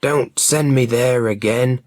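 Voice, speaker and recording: Man reading scared robber, breathless, slow, low-pitched, dry storybook read. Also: darkish tone, no room sound. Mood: frightened. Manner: rushed, fearful complaining. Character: frightened male robber, breathless and shaken.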